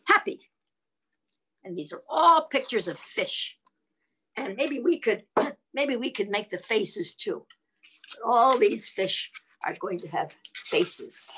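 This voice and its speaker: A woman's voice: on the high side, animated, takes it slowly, pauses often, sharp tone, husky, low-quality recording. A woman reading a children's picture book aloud, acting out each emotion playfully for young kids. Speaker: children's storyteller.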